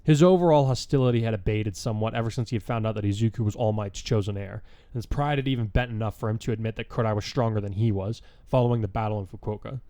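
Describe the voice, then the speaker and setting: A man narrating a fan fiction story in a steady storytelling manner. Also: on the low side, fast talker, dry recording.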